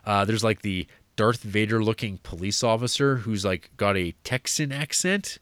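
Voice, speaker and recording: Low-voiced rambling man, dry mic. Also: moderate pace, a bit bright, no echo. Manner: rambling, filler-heavy, frequent restarts and "like". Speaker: podcast co-host reviewing movies. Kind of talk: casual chat.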